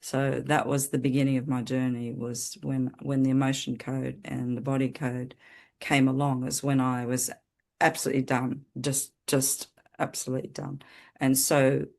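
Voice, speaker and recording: A woman guest on a podcast, earnestly telling her personal story in a halting way with many restarts. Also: very deep voice, level tone, gravelly, a little mellow. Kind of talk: personal testimony in conversation.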